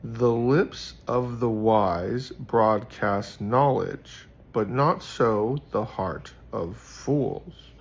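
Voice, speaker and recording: A man voicing a wise old fantasy wizard, reciting in a slow, solemn, drawn-out way. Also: mid-range voice. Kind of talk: reading scripture aloud in character.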